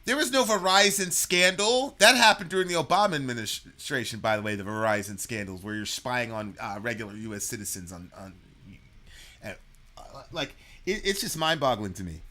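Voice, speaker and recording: Speaking a little fast in a mid-range voice, this man launches into an animated political tirade. He curses openly and keeps tripping over fillers and false starts.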